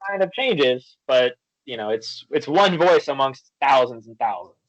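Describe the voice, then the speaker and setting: A man guest on a podcast, chatting casually and telling animated stories, acting out the quoted back-and-forth. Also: mid-range voice, measured pace, no echo, dull audio. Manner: storytelling, animated, acts out quoted exchanges. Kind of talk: casual chat.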